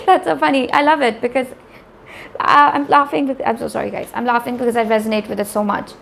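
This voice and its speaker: A young woman from India giving a casual tarot reading, chatty and animated, often laughing and talking straight to her viewers. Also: a little high, brisk, vocal fry, slight background noise. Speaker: tarot reader.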